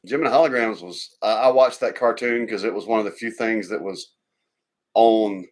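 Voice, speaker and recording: A man's voice: lowish voice, moderate pace. Guy cohosting a stream, teasing, rambling, laughs a lot. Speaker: live stream co-host. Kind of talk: casual chat signing off a live stream.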